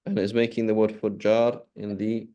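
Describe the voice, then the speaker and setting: A man's voice: on the low side, level tone, normal speed, mellow, lo-fi sound. A man teaching an online Arabic grammar lesson, explaining patiently with everyday examples and often checking in with "okay?".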